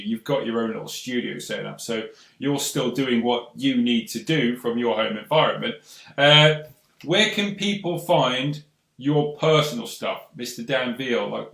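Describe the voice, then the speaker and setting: A man's voice: medium pitch, vocal fry, a bit bright. A man hosting a live show over a video call, upbeat and inviting the audience to join in. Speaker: host. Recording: roomy echo.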